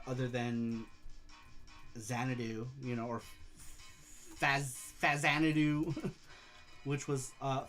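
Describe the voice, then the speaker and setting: A man's voice: mid-range voice, fairly bright tone. A man hosting a casual livestream, rambling about games and reading viewer messages aloud. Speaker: show host and streamer.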